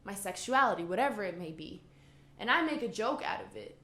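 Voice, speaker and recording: Pushed and bright, with lively intonation and a fairly quick pace, a mid-range female voice rants heatedly on a casual podcast. The co-host is a native Spanish speaker who swears a lot, and the sound has a roomy echo.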